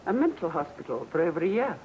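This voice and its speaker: An actress playing a gentle, patient mother back home after a long illness, with calm, consoling speech in an old television drama. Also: on the low side, fast talker, highs cut off, a little hiss or hum. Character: gentle mother returned from a mental hospital. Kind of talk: 1960 television drama acting.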